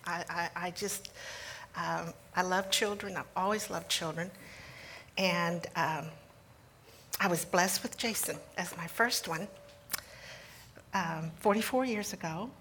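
A woman's voice: lowish voice, steady tone, a little slow, a little hiss or hum. Older woman telling a church testimony. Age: 60s. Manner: warm storytelling with frequent ums and restarts. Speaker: guest speaker, pastor's mother.

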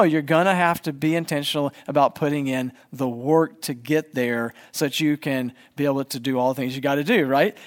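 A man in his forties, a pastor, giving a conversational sermon in church and putting questions to the congregation. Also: on the high side.

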